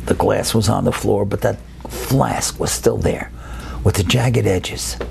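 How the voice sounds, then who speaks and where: A man telling a story expressively, building slowly and dropping to a whisper at times. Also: fairly low pitch, fairly even intonation, creaky, darkish tone, a little hiss or hum. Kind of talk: told personal-style story.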